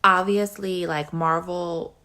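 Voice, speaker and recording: A young woman ranting casually and profanely to the camera about movies, gushing and excitable. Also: fairly low pitch, takes it slowly. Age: young adult. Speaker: vlogger reviewing a movie.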